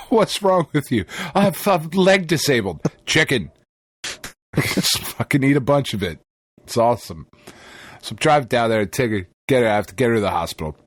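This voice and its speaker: A male podcast co-host tells a story in casual chat, his mid-range voice moving at normal speed. The telling is animated and profane, with lots of swearing and laughter.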